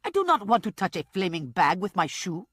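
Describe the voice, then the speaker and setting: A woman's voice: fairly low pitch, sing-song, a little fast, fairly bright tone, husky, no room sound, studio quality, heavily acted. A woman voicing an earnest, formal male henchman.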